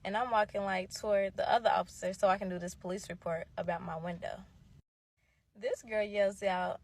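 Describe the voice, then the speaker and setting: A young woman vlogger casually telling a dramatic personal story to her viewers, emphatic and lively. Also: medium pitch, normal speed. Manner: animated, emphatic, addresses viewers as y'all.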